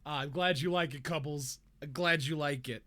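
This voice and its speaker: A man's voice: on the high side, normal speed, pushed and bright. A man hosting a VTuber talk show in casual, rambling livestream chat, his voice congested with a stuffy nose. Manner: rambling, chatty.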